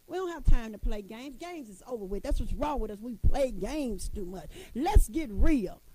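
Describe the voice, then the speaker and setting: A woman's voice: a little high, lively intonation, moderate pace, noisy background. A middle-aged woman giving a motivational talk to women, folksy and emphatic, repeating her points and calling listeners honey. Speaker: motivational speaker addressing women.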